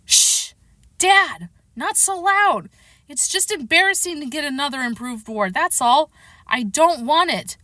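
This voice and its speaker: A nervous, embarrassed young boy pleads with his father in a high, bright, edgy voice, as a woman reading the storybook puts him on. The sound is close and dry, with no room around it. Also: lively intonation, measured pace, no echo, exaggerated voice. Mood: exasperated. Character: anxious embarrassed boy of about eleven.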